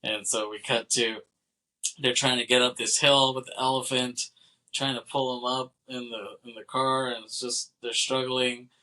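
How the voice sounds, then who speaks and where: A man's voice: mid-range voice, flat delivery, bright, forceful tone, rough recording. Rambling laughing man on a podcast. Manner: rambling, laughing, recounting scenes with quick quoted lines. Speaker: podcast co-host. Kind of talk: casual film discussion.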